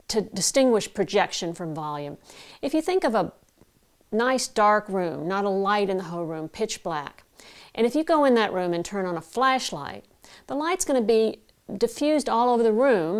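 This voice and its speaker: A middle-aged woman voice coach giving a measured, clear lesson to camera, explaining ideas with vivid analogies. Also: mid-range voice. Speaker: broadcast voice coach. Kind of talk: instructional talk to camera.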